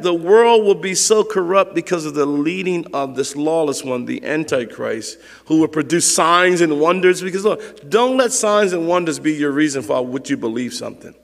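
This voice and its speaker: A man's voice: on the high side, moderate pace, gravelly, few pauses. A man preaching a sermon as pastor, in an emphatic, conversational way, acting out the quotes he reads. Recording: long reverb of a large hall.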